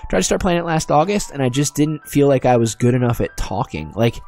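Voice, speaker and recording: A man's voice: medium pitch, very animated, a little fast, darkish tone, faint music behind. A man casually commenting on and reading aloud from a video game, chatty and self-deprecating. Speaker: video game let's-play host.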